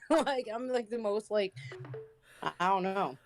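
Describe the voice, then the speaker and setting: Blunt woman talking in halting bursts. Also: mid-range voice, soft background music, poor audio. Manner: blunt, halting, restarts often, swears. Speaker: podcast guest, reaction streamer. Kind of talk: casual chat.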